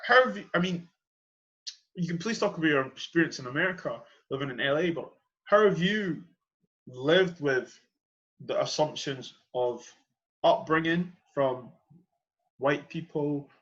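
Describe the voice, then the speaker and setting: A man's voice: a little high, expressive, a little slow, long pauses, fairly bright tone, dull audio. A young man hosting a podcast who talks earnestly and with passion, stressing and repeating his key points. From Edinburgh, Scotland. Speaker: podcast host. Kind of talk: earnest conversational monologue.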